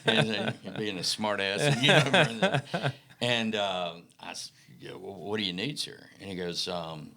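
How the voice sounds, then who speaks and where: Man, middle-aged, deep voice with a bright edge, folksy anecdotes for an interview guest spot. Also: moderate pace, vocal fry, hardly any pauses. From Mississippi Delta, American South. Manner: folksy, animated anecdotes with acted-out quotes. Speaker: podcast guest. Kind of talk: casual storytelling interview.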